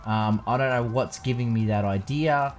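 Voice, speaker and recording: A man's voice: medium pitch, normal speed, soft background music. A young man casually commentating a video game playthrough, joking and swearing freely. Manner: profane, joking, animated. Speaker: let's play host.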